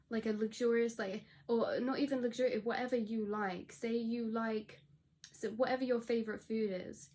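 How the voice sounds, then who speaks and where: A woman's voice: mid-range voice, darkish tone, a little hiss or hum. A woman giving a general tarot reading as a rambling spoken monologue, acting out quoted thoughts with many restarts. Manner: rambling, storytelling with restarts and quoted inner voices. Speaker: tarot reader.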